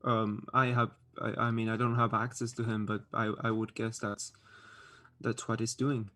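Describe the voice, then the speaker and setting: A man with a lowish, level, slightly bright voice hosts a live stream at normal speed, reading chat aloud and chatting casually. English isn't his first language, and his speech is full of fillers and restarts.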